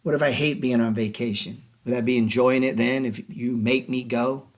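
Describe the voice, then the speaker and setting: Brief: male host, mid-pitched, heated casual rant, swears a lot, sarcastic rhetorical questions. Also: fairly even intonation. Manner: profane, mocking, rapid rhetorical questions. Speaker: trading show host.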